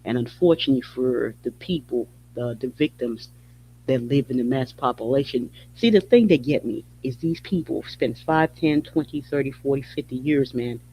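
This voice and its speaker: A man's voice: mid-range voice, moderate pace, mellow, breathy edge. A man hosting a podcast, giving impassioned political commentary in a blunt, repetitive way, often swearing. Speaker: podcast host. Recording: slightly dull audio with faint hum.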